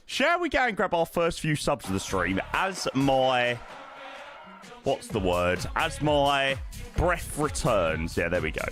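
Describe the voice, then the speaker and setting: A man's voice: mid-range voice, wildly swooping pitch, slow, a bit bright, faint music behind. A young man streams from home, chatting casually and thanking viewers in a self-deprecating way. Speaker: flight simulator streamer. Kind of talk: casual live-stream chat.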